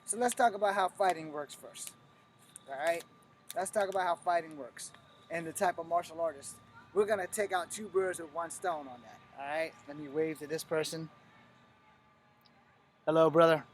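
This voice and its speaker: Blunt, cussing middle-aged man, high voice. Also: slight background noise. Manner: blunt, profane, emphatic. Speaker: martial arts instructor. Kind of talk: live-streamed teaching talk.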